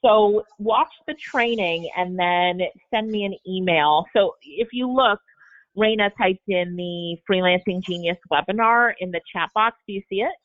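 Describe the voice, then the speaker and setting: A motivational woman hosts a live video-call Q&A, her voice bright with encouragement. The audio is thin and phone-like, as from a webinar. She speaks at an even middle pitch. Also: unhurried. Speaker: webinar host. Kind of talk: live Q&A coaching session.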